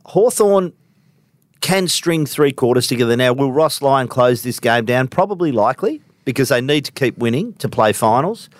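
A man's voice: mid-range voice, expressive, normal speed, no room sound. An Australian sports journalist co-hosting a podcast, wry and well informed. He rattles through team news and betting odds in a mid-range male voice. The recording is dry and close. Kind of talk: casual sports banter.

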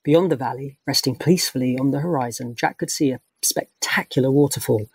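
A man reads a children's story aloud in an even, descriptive narration. His voice is husky and mid-pitched. The sound is dry and close. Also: a little fast, no room sound.

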